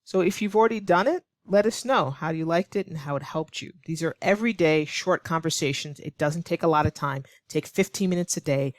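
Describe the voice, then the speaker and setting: A woman teaching English online, explaining clearly and patiently, now and then acting out example lines to show tone. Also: sits low, a little fast, few pauses, dry recording, studio quality. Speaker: ESL teacher.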